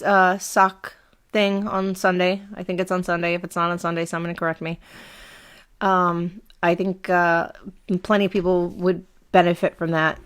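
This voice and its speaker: Streaming from home, this thirtysomething woman from Brooklyn, New York, chats in a rambling way, swearing offhandedly and laughing often. She speaks at medium pitch with a clean, fairly bright tone and a Brooklyn accent.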